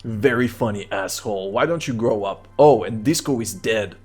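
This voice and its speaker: A man's voice: lowish voice, very animated, unhurried, darkish tone, breathy edge, faint music behind, exaggerated voice. A man voicing a rude, easily angered man answering the phone in a game. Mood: furious. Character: rude agitated middle-aged man on the phone.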